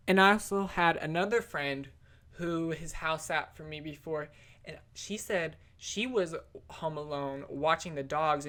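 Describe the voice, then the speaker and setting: A woman's voice: fairly low pitch, a bit bright. A young adult woman telling stories for her vlog in a chatty, slangy way, full of "like" and "literally". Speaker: vlogger. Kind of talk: casual storytelling vlog.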